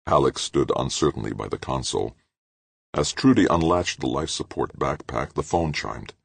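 A male audiobook narrator with a very deep, gravelly voice and a husky rasp. He reads with lively, animated pitch and dramatic drive. The sound is dry and close. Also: moderate pace, no echo. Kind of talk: scripted narration.

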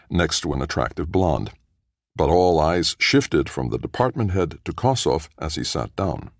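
In scripted narration, a man with an extremely low voice reads a science fiction audiobook in a measured, even storytelling manner. The sound is clean studio quality with no room sound.

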